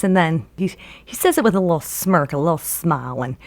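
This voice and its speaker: Brief: woman storyteller, low voice, lively pitch swings, casual and rambling with lots of fillers. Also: a little fast. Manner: rambling, heavy use of filler words.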